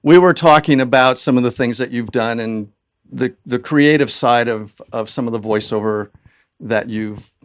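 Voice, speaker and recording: A man hosting an interview, talking in a friendly, halting way. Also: medium pitch. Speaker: interview host. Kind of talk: casual interview.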